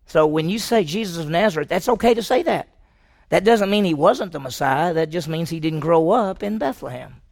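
A man's voice: fairly high pitch, gravelly, a little mellow. A man preaching a sermon, asking the congregation questions and acting out the voices of the people in the story. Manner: asks the congregation questions, acts out quoted voices. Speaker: pastor.

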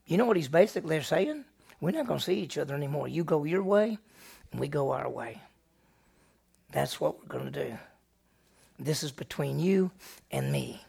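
A man teaching through a Bible passage in a sermon, animated and firing rhetorical questions at his listeners. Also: fairly high pitch, normal speed, vocal fry, pauses often, breathy edge.

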